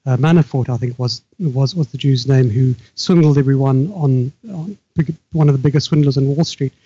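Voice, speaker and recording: An older man from Africa, speaking as a guest author in a halting, measured way with frequent restarts. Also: medium pitch, mellow, husky, no echo, muffled recording. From South Africa. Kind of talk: remote interview conversation.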